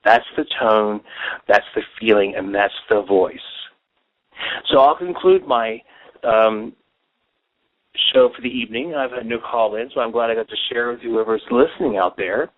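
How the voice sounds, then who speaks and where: A man's voice: fairly low pitch, normal speed. Man talking over a tinny phone line. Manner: rambling, many fillers and restarts. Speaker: psychic advisor hosting a call-in show. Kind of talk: solo call-in radio talk with guided meditation.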